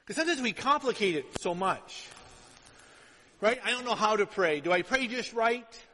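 A man's voice: sits high, animated, normal speed, pushed and bright, a little hiss or hum. A man preaching a sermon as pastor, chatty and informal, often asking the congregation "right?" to check they follow. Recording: long hall reverb.

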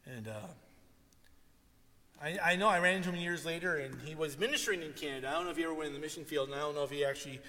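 In a long, reverberant hall, a male pastor preaches with a slightly high voice, racing along. His sermon is animated storytelling, with him acting out what people said.

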